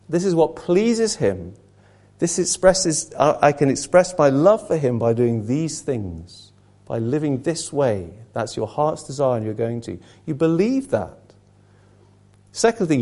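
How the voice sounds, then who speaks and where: A man's voice: on the high side, a little mellow. Earnest man preaching a sermon. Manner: earnest, conversational, frequent restarts. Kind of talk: sermon to a small group.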